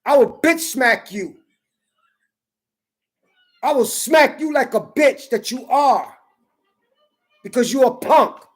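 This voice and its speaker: A woman vlogger delivering an angry, profane political rant to camera, taunting and repeating herself, rising to shouts at times. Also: high voice, lively intonation, slow pace, pauses often, breathy edge, faint music behind. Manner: profane, confrontational, repetitive taunting.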